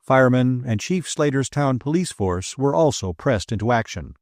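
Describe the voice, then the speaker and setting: A man reading an adventure audiobook aloud with an expressive storytelling delivery. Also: medium pitch, normal speed, no echo, studio quality. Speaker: audiobook narrator. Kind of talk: scripted audiobook narration.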